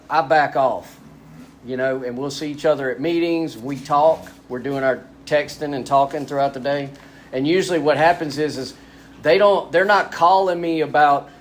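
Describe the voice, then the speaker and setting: A fairly high-voiced man talks frankly to a retreat group. He is lively and pokes fun at himself, acting out what people say as he goes. A light hiss of noise runs underneath. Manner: animated, self-deprecating, acts out quotes. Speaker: recovery retreat speaker. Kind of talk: candid sharing at a spiritual retreat.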